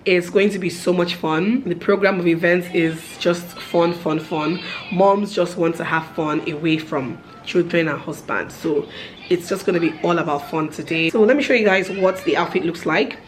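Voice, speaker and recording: A woman talks to her camera in a relaxed, upbeat home vlog. Her voice sits low for a woman, and she fills her chat with easy ums and asides. A faint hiss of background noise runs under it. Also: moderate pace. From Nigeria. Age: 30s. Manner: chatty, upbeat, lots of fillers. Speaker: vlogger.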